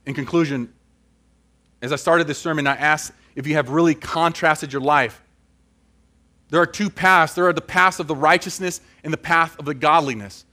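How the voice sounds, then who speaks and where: A man's voice: on the high side, bright, forceful tone. A man preaching a sermon and closing in prayer, earnest and building to emphatic questions.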